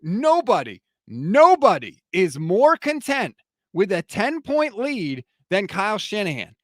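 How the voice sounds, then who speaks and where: High-voiced, fired-up male sports host. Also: huge pitch swings, measured pace, dry recording, studio quality. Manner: fired-up, heated ranting. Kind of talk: post-game reaction rant.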